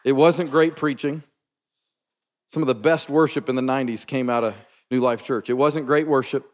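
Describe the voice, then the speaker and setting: A man's voice: mid-range voice, steady tone, normal speed, a faint crowd. A man preaching a sermon, telling a personal story in an earnest, emphatic, conversational way. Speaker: pastor. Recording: long reverb from a large hall.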